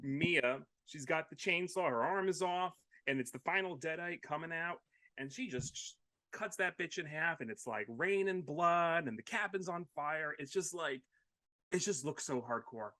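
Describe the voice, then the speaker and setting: A man on a casual group chat, gushing with excitement. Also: fairly high pitch, moderate pace, no room sound. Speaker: podcast panelist.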